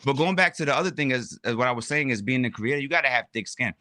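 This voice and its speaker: A man chatting casually as a guest creator on a toy livestream, animated and full of "my brother" and "you know what I'm saying". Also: mid-range voice, fast talker, no echo, clean studio sound.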